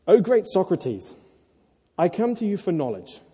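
A man's voice: high-pitched, big pitch swings, unhurried, warm tone, husky, full character voice. A preacher reading as a fawning pompous young man. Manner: fawning, then desperate. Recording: echoey hall.

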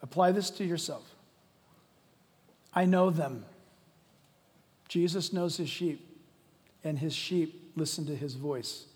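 A man preaching a sermon as pastor, swinging from shouting to hushed, quiet lines. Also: on the high side, a little slow. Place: church sanctuary. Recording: long reverb of a large hall.

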